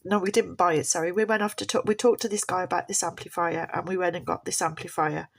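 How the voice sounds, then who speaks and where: A woman's voice: on the low side, steady tone, fast, vocal fry. Heartfelt mother telling a story. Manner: heartfelt, rambling, repeats herself. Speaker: mother sharing a family story. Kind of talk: casual personal storytelling.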